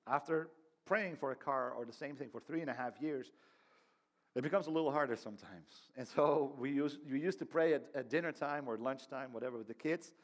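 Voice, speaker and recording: A man's voice: medium pitch, brisk. A middle-aged man, a pastor and father, preaching a sermon in an earnest, conversational way, often restarting phrases and laughing lightly.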